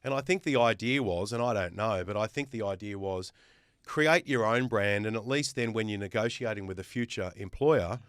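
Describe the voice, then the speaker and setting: Crisp Australian man, emphatic podcast host. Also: lowish voice, moderate pace, no echo, studio quality. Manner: emphatic, builds points with lists. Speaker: guest host. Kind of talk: casual podcast chat.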